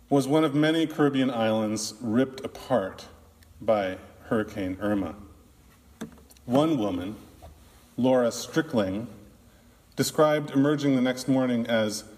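A male minister preaches at an unhurried pace, placing words carefully and pausing often. His voice sits in a mid register. A long reverb trails each phrase, as in a large church sanctuary. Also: mid-range voice, darkish tone. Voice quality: slow, deliberate delivery with long pauses. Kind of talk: sermon.

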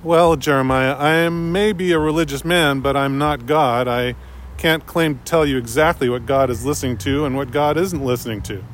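A man voicing a patient pastor who answers a teenager calmly. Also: medium pitch, moderate pace, lightly acted. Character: patient middle-aged pastor, calm and wry.

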